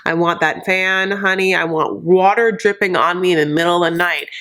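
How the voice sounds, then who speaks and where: A woman's voice: lowish voice, steady tone, moderate pace, a bit bright, lightly acted. A fed-up young woman, as a woman host puts her on rants in blunt, sarcastic bursts. She piles up dramatic repetition, and the voice stays close to the host's own.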